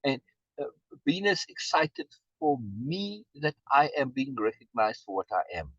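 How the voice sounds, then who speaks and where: A man's voice: medium pitch, big pitch swings, measured pace, fairly bright tone, no echo, lo-fi sound. A man musing reflectively in a casual video meeting, stammering and repeating words as he talks. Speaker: meeting participant being honored.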